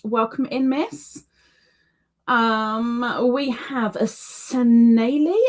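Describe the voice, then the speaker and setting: A woman hosting a relaxed livestream, talking slowly and unhurriedly. Her voice sits a little high, and she is chatty, leaning on repeated words for emphasis. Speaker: livestream host. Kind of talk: casual livestream chat.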